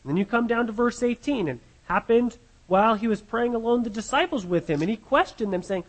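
A man's voice: extremely high pitch, expressive, a little fast, few pauses, low-quality recording. A man preaching a sermon as pastor, earnest and often repeating words as he restarts his phrases.

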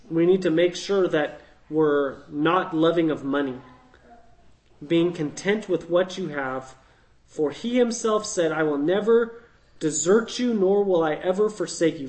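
A man's voice: on the high side, a little mellow, low-quality recording. A man teaching through a Bible passage verse by verse, thinking aloud in a conversational way and checking in with "right?".

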